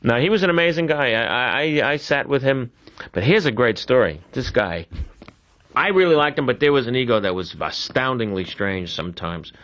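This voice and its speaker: A man tells a comic story with lots of expressive rise and fall in his voice. He laughs often and acts out the other characters as he goes. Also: medium pitch, fairly quick, muffled recording. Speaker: comedian telling a story. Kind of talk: animated anecdote.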